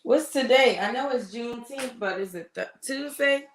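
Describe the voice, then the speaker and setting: A woman's voice: on the high side, normal speed, a little hiss or hum. A woman hosting a casual livestream as a nurse, chatting and greeting viewers by name, with a cough. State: has a cough. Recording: roomy echo.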